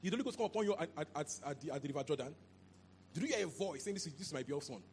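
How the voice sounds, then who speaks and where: A man preaching a sermon into a handheld mic, animated and repetitive, often asking if the listeners understand. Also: a little high, rapid-fire, slight background noise. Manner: animated, repeats phrases, asks "you understand?". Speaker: pastor.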